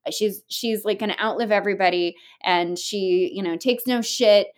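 A woman in a mid-pitched voice, talking as a podcast guest in a candid, unscripted way. She tells her story earnestly, starting sentences over and over, leaning on filler words and dropping the odd casual swear word. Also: moderate pace. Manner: earnest, rambling storytelling with many restarts and fillers. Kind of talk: candid conversational interview.

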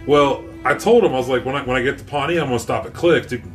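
A man telling a profane, animated story in casual podcast chat, acting out what people said. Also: medium pitch, quick pace, faint music behind.

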